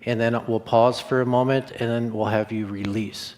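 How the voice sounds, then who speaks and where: A male guest speaker calmly guiding a breathing exercise, counting slowly. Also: medium pitch, big-room sound. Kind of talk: guided breathing instruction.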